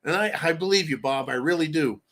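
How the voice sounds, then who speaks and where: An American man hosting a live-stream commentary show, his voice sitting a little high for a man. He rants in loud bursts and throws crude insults as he reads out donations. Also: brisk. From United States.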